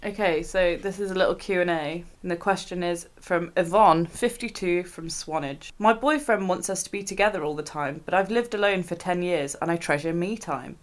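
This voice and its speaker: A woman's voice: fairly low pitch, moderate pace, few pauses. A woman co-hosting a podcast, chatting casually with teasing, exasperated banter. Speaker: podcast co-host. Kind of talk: casual chat.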